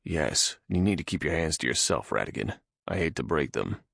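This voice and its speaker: Man reading a fed-up sarcastic prisoner, low gravelly voice, dry close sound. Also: expressive, normal speed, a bit bright, no echo, heavily acted. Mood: irritated. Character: irritated, sarcastic young male prisoner.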